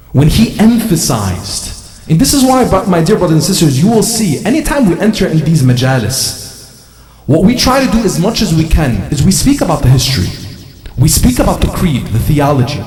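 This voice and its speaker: A man's voice: fairly high pitch, a little mellow. A man delivering a sermon to a gathering, driving his points home with rhetorical questions and repeated phrases. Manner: rhetorical questions, repetition for emphasis. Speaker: religious speaker. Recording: echoey hall, voice from far off.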